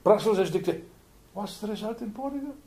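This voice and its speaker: An older man from Wales with a Welsh accent, giving an animated, joking political speech to an audience in a meeting room. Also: high-pitched, quick pace, crowd noise. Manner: animated, jokey, repeats words while building points. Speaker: political speaker.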